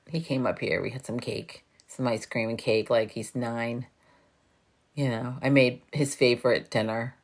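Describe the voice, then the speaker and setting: Fifties woman, very low gravelly voice, chatty livestream host who curses and laughs easily. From New York. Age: 50s. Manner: laughing, chatty, swears freely. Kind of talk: casual chat with viewers.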